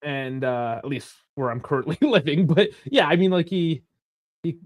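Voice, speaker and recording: A young man hosting a live football watch-along, chatty and rambling, swearing freely and bursting into shouts at big chances. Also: a little high, lively intonation, normal speed, no room sound, studio quality. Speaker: live stream host.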